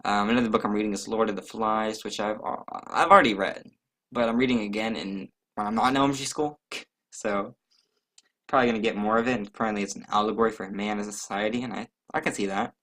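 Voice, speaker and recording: A man's voice: fairly low pitch, fairly even intonation, fast talker, sharp tone. A young man hosting his own casual solo podcast, rambling and joking at his own expense. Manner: rambling, jokey, self-deprecating; loose, chatty, trails off with many fillers. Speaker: podcast host.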